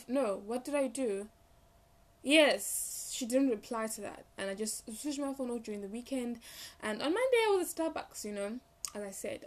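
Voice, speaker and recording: Chatty young woman. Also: on the high side. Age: young adult. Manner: rambling, animated storytelling with self-corrections and fillers. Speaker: vlogger. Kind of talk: casual chatty storytime vlog.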